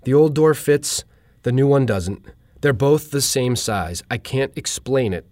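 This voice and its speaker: A man's voice: mid-range voice, very animated, moderate pace, dry recording. A man voicing a frustrated middle-aged handyman who sounds exasperated and bewildered.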